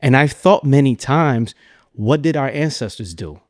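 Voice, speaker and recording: A man's voice: mid-range voice, expressive, a little slow, darkish tone, no room sound, studio quality. A man hosting a podcast interview, reflective and conversational, often restarting and repeating words. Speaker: podcast host.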